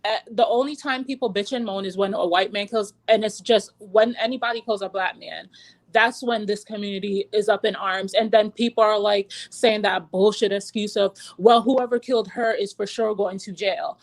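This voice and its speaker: A woman's voice: mid-range voice, fairly even intonation, moderate pace. A woman on a livestream panel, ranting angrily with heavy swearing in heated casual chat. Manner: angry, profane ranting.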